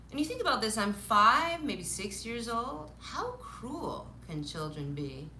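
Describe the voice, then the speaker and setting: Animated fifty-year-old woman, bright tone. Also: fairly high pitch, unhurried, hardly any pauses, a little hiss or hum. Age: 50s. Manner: animated, laughs often, acts out quotes. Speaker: live stream host. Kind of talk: casual storytelling on a live stream. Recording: roomy echo.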